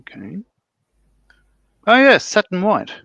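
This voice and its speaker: Gravelly man on a dull mic. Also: high voice, huge pitch swings, takes it slowly, a bit bright, no echo. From Australia. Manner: chatty, mutters to himself while hunting for parts. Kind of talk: casual livestream chat.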